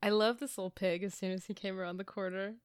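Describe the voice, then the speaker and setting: A woman's voice: medium pitch, fairly even intonation, quick pace, clear, resonant tone, dry recording, studio quality. A woman co-hosting a podcast, reading episode details and chatting about the scenes. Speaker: podcast co-host. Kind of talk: casual chat, reads episode details.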